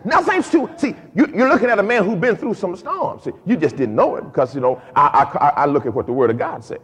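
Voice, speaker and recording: A man a sermon as pastor, lively and emphatic, with frequent repeated words and casual dialect. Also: high voice, fast, husky. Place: church sanctuary. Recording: dull lo-fi recording with long hall reverb.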